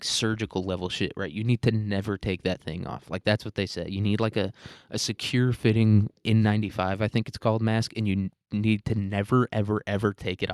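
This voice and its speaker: A man's voice: fairly low pitch, a little mellow, no room sound, clean studio sound. A man hosting a solo podcast, ranting in a crude, sarcastic, rambling way and chuckling often. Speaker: podcast host. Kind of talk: solo comedic rant.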